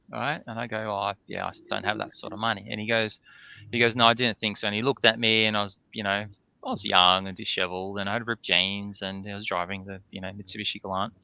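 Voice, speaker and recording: A man's voice: medium pitch, vocal fry, bright, forceful tone, no room sound. A man, a distillery owner, telling a long anecdote on a podcast, acting out both sides of old conversations and ending many sentences with "right?". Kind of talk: casual storytelling in a podcast interview.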